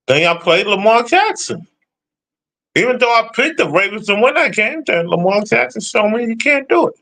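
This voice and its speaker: A man's voice: high voice, very animated, moderate pace, creaky, bright, forceful tone. A man ranting casually about football predictions, blunt and profane as he answers his chat. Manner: profane, blunt, trash-talking. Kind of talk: casual sports rant.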